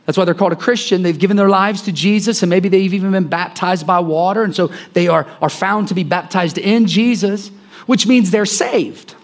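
Guy preaching, kinda high voice, chatty, repeats himself a lot. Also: brisk, hardly any pauses. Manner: conversational, repeats phrases, acts out scenes. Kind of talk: sermon.

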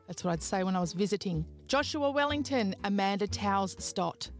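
A woman's voice: mid-range voice, moderate pace, creaky, few pauses, faint music behind. A woman with an Australian accent hosting a podcast, chatting playfully and wandering into tangents while she thanks listeners. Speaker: podcast host. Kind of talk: casual chat, thanking patrons.

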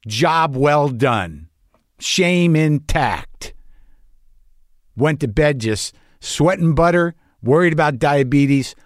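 A podcast host with a mid-range male voice tells a comic story as a profane, self-mocking rant. The studio-quality recording has no echo.

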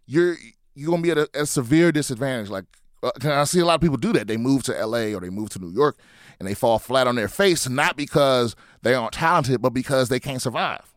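A man's voice: medium pitch, fast talker, no echo, clean studio sound. A man hosting a comedy podcast, chatting casually and answering listener questions in a blunt, profane way, stumbling over his words and restarting often.

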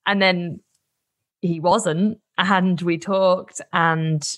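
A young woman guest telling a personal story in casual chat, animated, laughing often and filling with "like". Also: fairly low pitch, very slow. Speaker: guest, campaigner.

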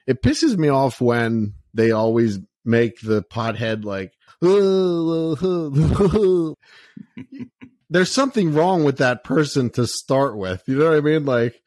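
A man's voice: medium pitch, lively intonation, unhurried, hardly any pauses, a little mellow, no room sound. A man co-hosting a podcast in casual chat, rambling with plenty of fillers and swearing. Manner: rambling, profane, lots of "like". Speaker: podcast co-host.

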